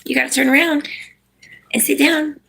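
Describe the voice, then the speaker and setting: A woman's voice: high-pitched, steady tone, normal speed, gravelly, fairly bright tone. A woman hosting a casual live stream, chatting with viewers, reading out their comments and coaxing her dog to sit.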